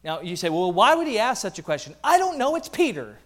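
A pastor delivers a sermon with animated energy, slipping in playful asides. His voice sits high for a man. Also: a little fast.

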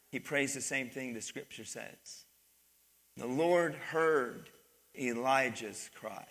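A male pastor with a slightly high, sharp-toned voice preaches a sermon, reading scripture and explaining it emphatically while calling out to the congregation. A long hall reverb surrounds his voice.

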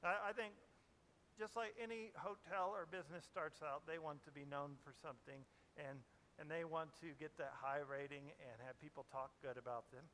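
A male pastor delivers a conversational sermon with a bright, forceful voice that sits a little higher than most men's. He keeps asking his listeners questions as he talks. A faint hiss lies underneath the recording. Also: steady tone, normal speed. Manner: conversational preaching with rhetorical questions.

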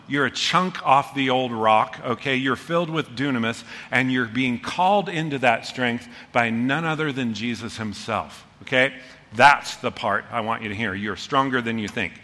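Middle-aged male pastor, bright and forceful, lively storyteller, long hall reverb. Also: mid-range voice. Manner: animated storytelling with voiced quotes. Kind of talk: sermon. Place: church hall.

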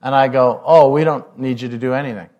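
A man's voice: medium pitch, steady tone, a little fast, dull audio. A man, a pastor preaching a sermon in a conversational way, often asking the congregation questions.

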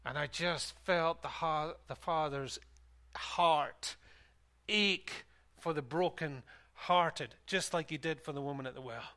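A man, a pastor preaching a sermon and telling a story, animated and laughing at times. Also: on the high side, slow pace.

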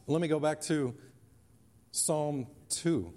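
Slow, emphatic preaching man. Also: mid-range voice, lively intonation, a little mellow. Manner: deliberate preaching with emphatic repetition. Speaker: pastor. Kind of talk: sermon. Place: church sanctuary.

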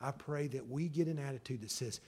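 A middle-aged man, preaching a sermon in an emotional storytelling way that swells loud at the peaks. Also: medium pitch, brisk, slightly rough. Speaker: pastor.

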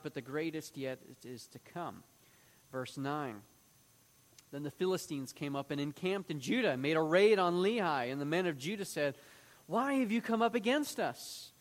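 A man's voice: fairly high pitch, long reverb tail. A man teaching through a Bible passage, reading it aloud and acting out the quoted lines in a raised voice.

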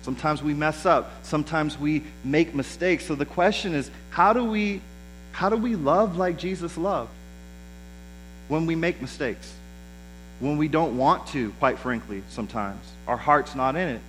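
A man's voice: fairly high pitch, unhurried, fairly bright tone, faint music behind, rough recording. A man preaching a sermon in a conversational way, acting out the lines of the people he quotes. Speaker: pastor.

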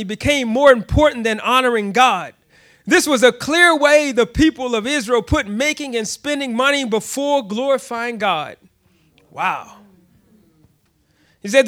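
A man preaching with a very high, bright voice. He tells stories with frequent laughter, trips over his words and restarts, and keeps the energy lively and animated. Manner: laughs often, animated storytelling, many restarts. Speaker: pastor. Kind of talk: sermon.

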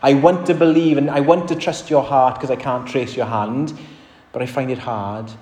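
A man's voice: medium pitch, steady tone, moderate pace, darkish tone, slight background noise. A man delivers a sermon in an earnest, conversational manner, lifting and dropping his emphasis as he makes each point. His mid-range voice rings out in a church with a long, roomy reverb. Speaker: preacher. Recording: echoey church hall.

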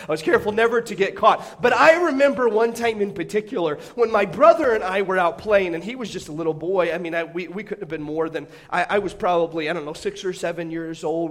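A man's voice: high voice, fairly bright tone. A middle-aged man, a pastor, preaching with humorous personal stories and self-deprecating jokes, often restarting his phrases. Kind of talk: storytelling sermon.

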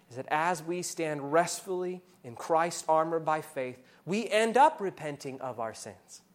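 This is a male pastor giving a heartfelt sermon. When he accuses, his voice rises and gets loud; when he reflects, it drops low and soft.

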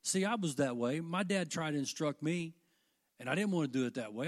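A man's voice: a little high, animated, brisk. Fervent older male preacher. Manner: fervent, rising and falling delivery. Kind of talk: sermon.

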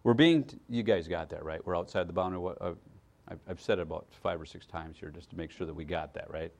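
A male pastor delivers a sermon in a conversational way, checking in with his listeners as he goes. He shifts between loud emphasis and quiet asides, often repeating words, and his voice sits low while he speaks fast.

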